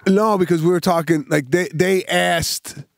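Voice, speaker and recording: A man co-hosting a casual comedy podcast, telling animated stories full of acted-out quotes and swearing. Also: high-pitched, a little slow, gravelly, dry recording, clean studio sound. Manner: animated storyteller, acts out quotes, swears freely. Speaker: podcast co-host.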